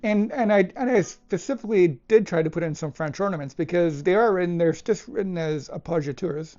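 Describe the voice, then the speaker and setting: A man teaching a piece of music, talking it through thoughtfully with pauses and restarts as he demonstrates it. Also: high-pitched, warm tone. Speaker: cellist teacher. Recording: dull lo-fi with cello playing. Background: cello phrases between remarks.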